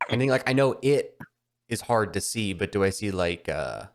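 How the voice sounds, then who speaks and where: A man's voice: lowish voice, lively intonation, moderate pace. A man playing a tabletop game, chatting casually and hesitantly with frequent restarts.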